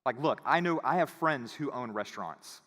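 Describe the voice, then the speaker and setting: A man's voice: medium pitch, normal speed. Man telling a story in a reverberant hall. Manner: animated, acts out quoted voices. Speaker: conference speaker. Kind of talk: casual storytelling talk. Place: conference hall.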